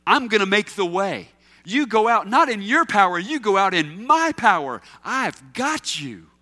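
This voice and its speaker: A man preaching a sermon voices Jesus as a gentle, reassuring man. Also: high voice, very animated, unhurried, full character voice. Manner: tender, reassuring.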